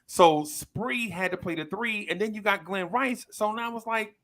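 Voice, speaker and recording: A man in his fifties co-hosts a casual podcast, spinning a story with big energy. His voice sits a little high, and he jumps into other people's voices as he retells what they said. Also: moderate pace. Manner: animated storyteller, acts out quoted people in a raised voice. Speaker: podcast co-host. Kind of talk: casual chat.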